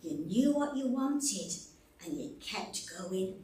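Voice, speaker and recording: A woman's voice: mid-range voice, expressive, slow pace, warm tone. An earnest, admiring young Irishman speaks in a put-on Irish accent, performed by a woman preacher. His lines come with a fond, loose humor, as if remembered rather than recited. The voice rings through a roomy hall from a mic held some distance off.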